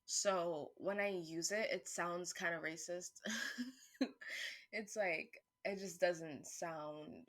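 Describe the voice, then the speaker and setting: A woman vlogger thinking aloud in a casual monologue, rambling with restarts, swearing freely, and turning louder and higher when worked up. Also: slow. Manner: animated, rising pitch and volume when worked up.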